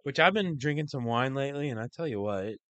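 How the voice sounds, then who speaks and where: A man's voice: medium pitch, expressive, fast, fairly bright tone, no echo. A young man co-hosting a podcast, making wry offhand jokes in casual chat. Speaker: podcast co-host.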